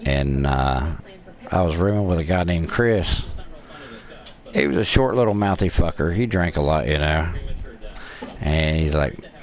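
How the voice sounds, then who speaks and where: A man's voice: deep voice, expressive, normal speed, vocal fry. A middle-aged man streaming a game, telling crude, profane stories in a casual chat. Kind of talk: casual storytelling while gaming.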